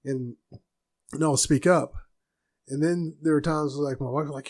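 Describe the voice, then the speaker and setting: A soft-spoken man hosting a casual solo podcast from a room at home, rambling with restarts. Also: fairly high pitch, fairly even intonation, normal speed. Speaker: podcast host.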